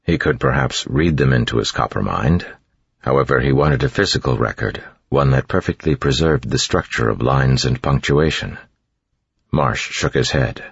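Very deep husky male audiobook reader, steady delivery, dry and dull recording. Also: moderate pace, dry recording. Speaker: audiobook narrator. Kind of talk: scripted narration. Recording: dull, dry studio sound.

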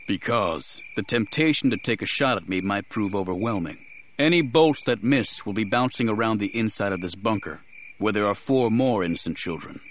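A man plays a guarded male stranger who keeps to the shadows in a storybook. His speech is measured and firm, with a lively rise and fall. A faint hiss sits under the voice. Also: lowish voice, close to an everyday voice. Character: calm, guarded male stranger hiding in the dark.

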